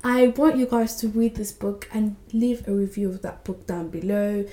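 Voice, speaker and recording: A woman hosting a book podcast, retelling scenes with lively character voices in casual chat. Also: medium pitch, moderate pace, roomy sound.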